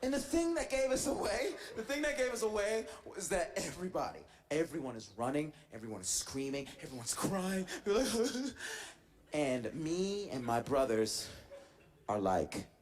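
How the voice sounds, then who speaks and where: A man's voice: a little high, normal speed. A man doing stand-up comedy, telling a story and laughing as he goes. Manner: animated, laughing through his own story. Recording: noisy live stage recording.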